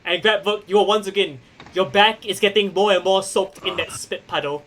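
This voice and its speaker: A man narrating as game master of a tabletop wrestling game, playful and quick to laugh as he describes the moves. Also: high-pitched, fairly even intonation, a bit bright, a little hiss or hum.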